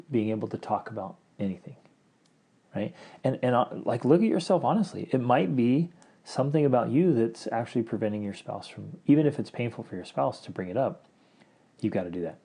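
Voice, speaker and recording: A middle-aged man co-hosting a podcast in casual chat, talking in an animated way and acting out the lines he quotes. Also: mid-range voice, husky. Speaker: podcast co-host.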